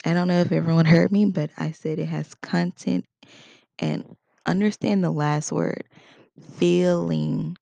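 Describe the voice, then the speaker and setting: A woman's voice: fairly low pitch, fairly even intonation, measured pace, gravelly, mellow, no echo, highs cut off. A woman giving a casual spoken lesson in a conversational way, acting out short example quotes. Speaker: instructor.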